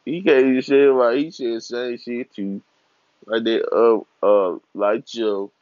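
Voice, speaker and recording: A man's voice: medium pitch, steady tone, measured pace, no echo. A man in his twenties on a casual, profane rant, trash-talking and swearing freely. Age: 20s. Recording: dull lo-fi recording.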